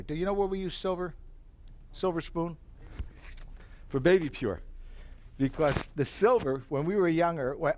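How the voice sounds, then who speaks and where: A middle-aged man giving a live sales pitch for tableware, an animated storyteller who acts out his own reactions.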